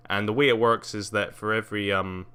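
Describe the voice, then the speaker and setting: Young male streamer, lower register, bright tone, loose chatty delivery full of ums. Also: fairly even intonation, fairly quick, clear, resonant tone. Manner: rambling, many fillers, laughs often. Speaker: live streamer. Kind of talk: casual live-stream chat.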